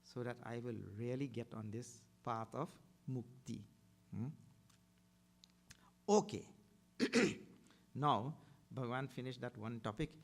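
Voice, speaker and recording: A middle-aged man with an Indian accent delivers a spiritual discourse as a swami. He tells stories and acts out the people in them, jumping up in pitch for their lines. His talk moves between soft reflection and animated retelling. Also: takes it slowly, pauses often. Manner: storytelling, acts out other people's voices with big pitch jumps. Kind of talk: sermon.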